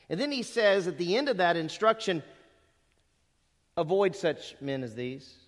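A middle-aged male pastor with a high voice preaches in a church sanctuary. He talks to the congregation in a chatty way, throwing in rhetorical questions and asides. A long hall reverb trails after his words. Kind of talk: sermon.

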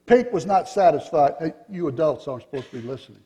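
A man's voice: a little high, expressive, quick pace, few pauses, mellow, big-room sound. A man reading a storybook aloud to a group of children, telling it expressively.

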